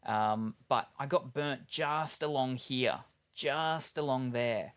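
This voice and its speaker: A man's voice: mid-range voice, slow, fairly bright tone, clear, resonant tone. Chatty rambling man unboxing on stream. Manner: rambling, chuckles often between remarks. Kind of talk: casual live-stream chat. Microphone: headset.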